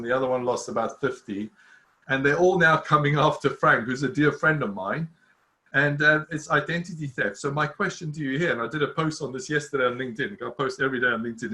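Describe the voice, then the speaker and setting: A man in his fifties giving a live security talk, earnest and insistent. His voice is bright and forceful, and he circles back over his words with frequent restarts. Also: medium pitch. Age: 50s. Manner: earnest, repetitive, restarts often. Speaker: cybersecurity speaker. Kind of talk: live presentation to an online audience.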